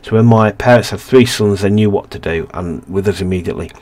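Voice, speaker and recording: A soft-spoken young priest from a story game, kind and bookish, speaks with polite concern, as a man reads him in his own lowish voice. The lines come across as plainly read game dialogue. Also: brisk, natural voice. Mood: chatty. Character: kindly young male priest, bookish and gentle.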